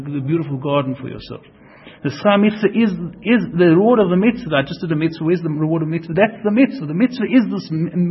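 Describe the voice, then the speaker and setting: A man giving a Torah lecture, animated and repetitive, dropping Hebrew and Yiddish terms into his explanation. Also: on the high side, husky. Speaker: Torah teacher. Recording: dull lo-fi recording with faint hiss.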